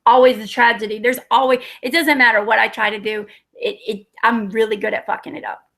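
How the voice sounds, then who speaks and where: A woman in her thirties with a drawl tells stories casually, rambling and swearing freely as she laughs at herself. Her voice sits a little high and carries a gravelly fry. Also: steady tone, brisk, a bit bright. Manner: rambling, profane, self-mocking. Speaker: storyteller. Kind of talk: casual storytelling.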